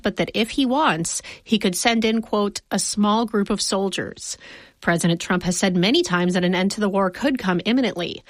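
A woman files a news report in a crisp, even reportorial style. Her voice sits mid-range and the recording is dry and close. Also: mid-range voice, dry recording. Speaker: correspondent.

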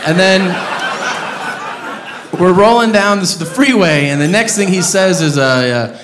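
A man doing a stand-up comedy set on a club stage, profane and prone to loud ranting bursts. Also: high voice, unhurried, pauses often. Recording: roomy club sound with noise.

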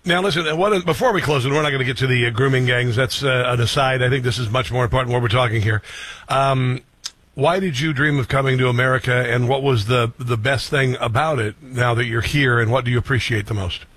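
Husky man hosting an interview. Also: medium pitch, brisk, a bit bright, dry recording. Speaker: host. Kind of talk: interview talk.

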